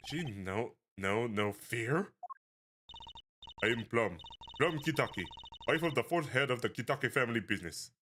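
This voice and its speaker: A man voicing an intimidating older woman who heads a crime family, speaking in a low, husky, menacing tone with a put-on Russian accent. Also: lively intonation, moderate pace, long pauses, noisy background, lightly acted.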